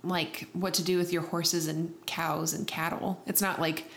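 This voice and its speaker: A woman's voice: deep voice, level tone, a little slow, slight background noise. A young woman from Texas with a light Texan accent, chatting casually and laughing easily. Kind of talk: casual chat.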